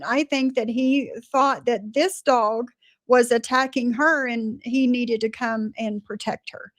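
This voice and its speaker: A woman talks to her live viewers in a slow, measured way, explaining what she thinks happened. Her voice is a little high and sits close and dry, with no room sound. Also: no room sound. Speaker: reaction streamer. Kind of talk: live commentary.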